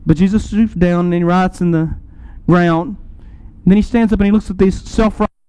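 A man preaching a sermon, building to emphatic swells and easing into slow, quiet pauses. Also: high-pitched, fairly even intonation, clear, resonant tone, no echo, low-quality recording. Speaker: pastor.

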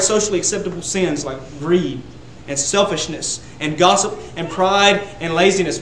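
A man preaching a sermon to a congregation, building to loud emphatic peaks on repeated words. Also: high voice, normal speed, few pauses, reverberant, a little hiss or hum, poor audio. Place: church sanctuary.

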